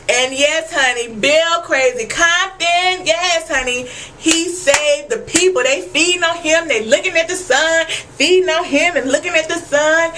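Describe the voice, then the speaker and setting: A woman giving an animated, profane recap of a TV episode, talking straight to her viewers. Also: high voice, slight background noise, rough recording. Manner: animated, profane and emphatic, addressing viewers as y'all. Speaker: TV episode reviewer. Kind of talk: casual TV recap vlog.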